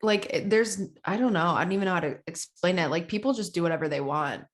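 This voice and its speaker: A woman's voice: on the low side, quick pace. Young woman podcast cohost, teasing, blunt, just chatting. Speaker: podcast co-host. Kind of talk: casual chat.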